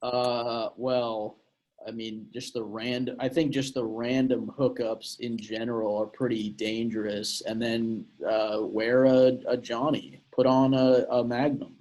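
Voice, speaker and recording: A young man from Portland, Oregon, co-hosts a chatty podcast and tells a story in a mid-register voice that's level, a little mellow, and measured in pace. The sound is lo-fi, and his delivery is loose, crude, and rambling, packed with filler words.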